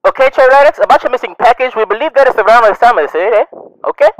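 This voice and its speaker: A man playing a bumbling male phone support agent who talks loudly, stammers and repeats himself. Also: very high-pitched, expressive, very fast, background noise. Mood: flustered. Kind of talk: comedy sketch.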